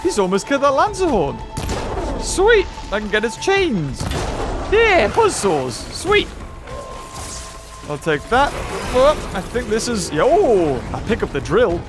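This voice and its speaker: Excitable high-voiced gamer. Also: male voice, measured pace. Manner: excitable, chatty, talks to enemies, frequent yelps and laughs. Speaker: gameplay commentator. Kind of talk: let's play commentary. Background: game music.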